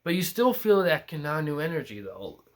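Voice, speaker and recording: A man's voice: on the high side, sing-song, normal speed. A young man hosting a casual film review, talking alone and rambling through many restarts and fillers. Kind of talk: casual solo film commentary.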